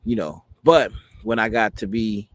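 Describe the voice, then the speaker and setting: A man's voice: lowish voice, a little slow, slight background noise. A man in his forties telling a personal story in a rambling way, filling it with many "you know what I mean" asides. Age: 40s. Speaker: host.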